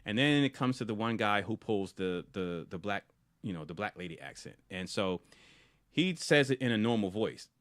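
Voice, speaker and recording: A man, a podcast co-host, retelling a film scene in casual review chat, animated and often restarting and repeating words. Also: lowish voice, moderate pace, no echo, studio quality.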